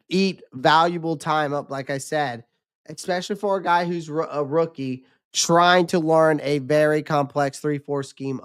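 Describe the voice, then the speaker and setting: Rambling male livestream host, smooth voice. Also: a little high. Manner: loose, rambling, with many restarts and fillers. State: losing his voice. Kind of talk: casual livestream commentary.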